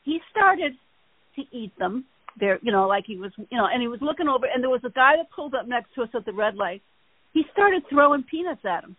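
Host, woman, higher voice, rambling storyteller, dry phone-like sound. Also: animated, a little fast, no room sound. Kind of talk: casual chat. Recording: tinny phone-like line.

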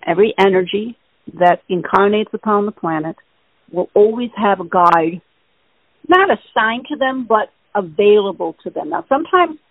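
A woman with a medium-pitched voice hosts a casual spiritual phone-in, answering listener questions in earnest, rambling detail. The sound is a tinny, dry phone line.

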